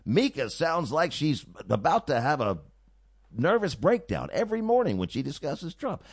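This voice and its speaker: A male radio host rants through an opinionated monologue, sarcastic and mocking. His pitch swings widely as he jabs at his targets. The studio sound is close and dry. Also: wildly swooping pitch, normal speed, dry recording. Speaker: radio talk show host. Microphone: studio mic.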